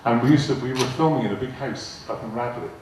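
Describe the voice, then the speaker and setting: In an echoey arts hall, an older man tells stories to a live audience at a quick pace, his voice medium in pitch. As a guest speaker he rambles, repeats words, and acts out the dialogue he quotes. The far-off mic captures faint noise and audience laughter.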